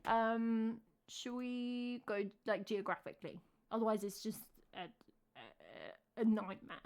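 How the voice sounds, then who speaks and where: A woman's voice: on the high side, takes it slowly, darkish tone. A woman with an English accent, chatting casually on a live stream, thinking aloud and answering her chat. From England.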